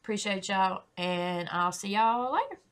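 Bright-voiced woman doing a slow, frank reaction chat. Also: medium pitch. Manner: candid, swears freely, apologetic, talks to her viewers as "y'all". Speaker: reaction video host.

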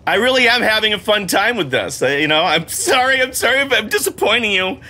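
Casting: middle-aged male gamer host, bright voice, swoops high and low, exclamatory, self-mocking, salty. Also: big pitch swings, brisk. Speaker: gaming channel host playing while his son coaches. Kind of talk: excitable gameplay commentary.

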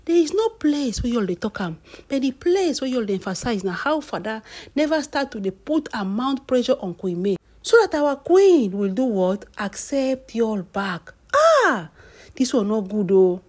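A Nigerian-accented woman runs a celebrity gossip vlog, her voice slightly high, mellow and husky. She talks in exclamatory bursts and keeps turning to her viewers. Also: sing-song, moderate pace. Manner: exclamatory, addresses viewers as "my people". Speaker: gossip vlogger.

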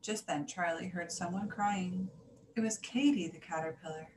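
A woman reading a children's story aloud in an animated, singsong way. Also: lowish voice, moderate pace. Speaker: story reader. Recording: echoey room, faint hiss.

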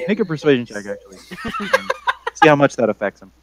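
A young man narrating as game master in a casual way, halting with many fillers. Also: medium pitch, very animated, noisy background.

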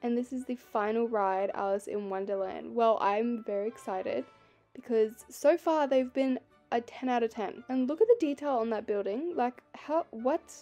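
Young woman gaming vlogger, excitable and gushing, slightly high, mellow tone, faint music behind. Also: normal speed. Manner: gushing, excitable, frequent gasps. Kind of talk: game walkthrough commentary. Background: faint background music.

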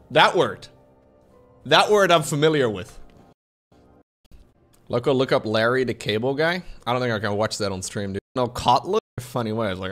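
A man's voice: mid-range voice, fairly bright tone. A man streaming live, reacting with casual, joking commentary and wry, sometimes profane asides. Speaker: Twitch streamer.

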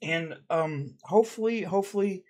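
A man hosting a comedic mock interview, talking low and deadpan with hesitant restarts. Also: moderate pace. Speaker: parody interviewer.

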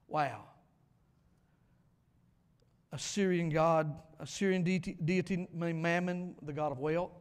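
A man preaching a revival sermon in a church, emphatic, swinging between loud declarations and quiet asides. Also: sits high. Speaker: pastor. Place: church sanctuary. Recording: long hall reverb in a church.

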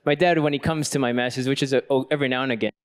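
A man's voice: steady tone, racing, smooth. A man, a Catholic priest, giving a workshop talk at a youth conference, telling a personal story in a reflective, earnest way and growing fervent as he preaches. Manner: rises to a fervent pitch when preaching.

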